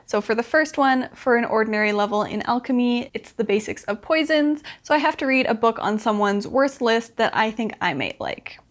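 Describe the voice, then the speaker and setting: A woman's voice: on the high side, lively intonation, normal speed, few pauses. A young woman talking casually to camera as a book vlogger, chatty and upbeat, with lots of fillers.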